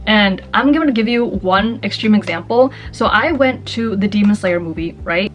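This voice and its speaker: A young woman vlogger talking casually and passionately to the camera, full of "like" fillers. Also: mid-range voice. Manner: chatty, passionate, lots of "like" fillers. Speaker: lifestyle vlogger. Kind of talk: casual advice vlog.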